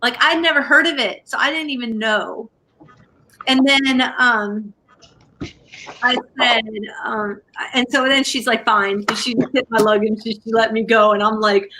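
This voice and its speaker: A woman hosts a livestream in a casual, chatty way. She rambles through her stories with plenty of fillers. Her voice sits a bit high and sounds bright and forward. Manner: chatty storyteller with many fillers. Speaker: livestream crafting host. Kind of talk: casual chat to a live audience.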